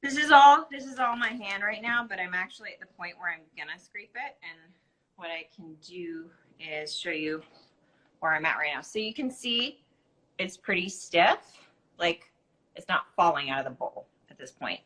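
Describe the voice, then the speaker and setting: A woman's voice: fairly low pitch, animated, normal speed, a bit bright, poor audio. A tired woman in her thirties, chatting casually on a live stream while she shows how she kneads bread dough. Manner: chatty, explains steps while working with her hands. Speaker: co-host showing bread baking.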